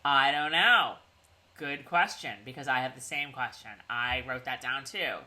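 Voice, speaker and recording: A woman's voice: a bass voice, measured pace, bright, forceful tone. A middle-aged woman co-hosting a casual TV recap chat over a video call, rambling with lots of "like" and restarts. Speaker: podcast co-host.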